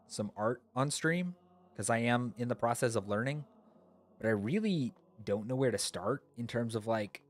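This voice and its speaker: A man streamer chatting casually and rambling, thinking aloud with fillers, sleepy. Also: medium pitch. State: yawning, sleepy. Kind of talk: casual chat.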